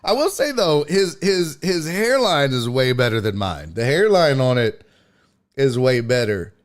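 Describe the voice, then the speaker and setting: A man's voice: mid-range voice, sing-song, unhurried. A male comedian and podcast host telling a story in casual chat, profane and exclaiming.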